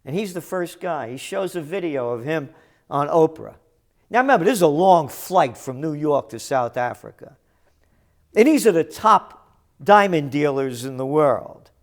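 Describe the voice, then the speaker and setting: High-voiced older man ranting in commentary. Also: lively intonation, moderate pace. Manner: combative and sarcastic, bursting into shouted insults. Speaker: host of a trends commentary show.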